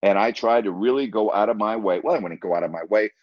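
A man's voice: lowish voice, fast talker, dry recording. A man and former team broadcaster telling a story in a casual interview, talking emphatically and retelling conversations line by line. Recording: dry, slightly dull audio.

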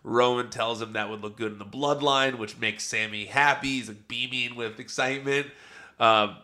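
A man's voice: medium pitch, fairly even intonation, moderate pace, sharp tone. A young adult man hosting a podcast, giving a chatty, casual recap of a wrestling show and laughing often as he tells it. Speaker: podcast host.

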